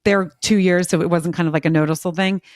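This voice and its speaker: A woman's voice: on the low side, fairly even intonation, fast, a little mellow, no room sound, clean studio sound. A woman hosting a podcast interview, talking in a chatty, rambling storytelling way with lots of fillers. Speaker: podcast host. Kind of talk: casual interview talk.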